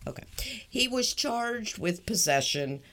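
A woman's voice: fairly high pitch, very animated, measured pace, fairly bright tone. A woman co-hosting a podcast in casual chat, teasing and often laughing as she tells a story. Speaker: podcast co-host.

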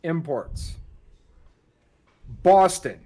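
A man on a podcast who scoffs and swears as he reads through a list. His voice sits high and jumps around a lot. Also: expressive, drawn-out words, a little mellow. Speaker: podcast co-host. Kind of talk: casual banter.

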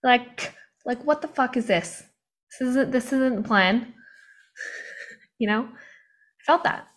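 Young woman, bit high voice, fired-up motivational coaching on a video call, laughs a lot. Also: slow pace, a bit bright. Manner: impassioned, confiding, laughs often. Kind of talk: live online training talk.

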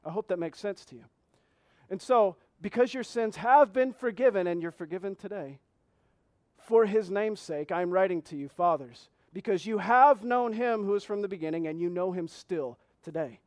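A man with a fairly high voice preaches a sermon, reading scripture slowly and repeating key phrases. He asks the congregation earnest questions in a dry, close-miked sound. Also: a little mellow, no echo. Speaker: pastor.

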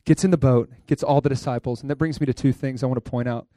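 A male pastor preaching a lively sermon in a conversational way, laughing often and asking the listeners questions. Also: medium pitch, fast talker, no room sound, clean studio sound. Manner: conversational, asks the crowd questions.

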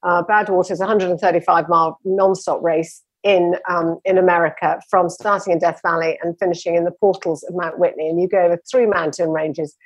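A woman's voice: lowish voice, fairly even intonation, brisk, hardly any pauses, husky, no room sound. A woman telling her running story with enthusiasm, rambling a little as a guest in a conversation. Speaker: interview guest.

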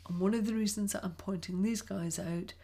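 A woman from Scotland, a yarn vendor and podcaster, chatting casually and telling stories in a lively way. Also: medium pitch, brisk. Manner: chatty, animated storytelling. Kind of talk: casual chat.

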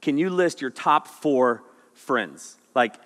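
A middle-aged man preaching and telling jokes as a youth pastor, full of animated stories. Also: mid-range voice, slow pace. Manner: animated, joking storyteller. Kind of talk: sermon. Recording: long hall reverb.

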